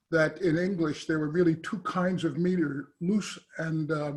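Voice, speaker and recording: A man, a professor, asking a long question after an academic talk, halting often with "uh" and restarting his sentences. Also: on the high side, steady tone. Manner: hesitant, halting, many "uh" and restarts.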